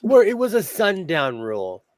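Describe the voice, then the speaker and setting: Brief: male sewing host, Minnesotan-sounding accent, chatty and laughing, slightly high voice. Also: wildly swooping pitch, moderate pace, no room sound. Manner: chatty storyteller who laughs often. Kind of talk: casual livestream chat. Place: home sewing room.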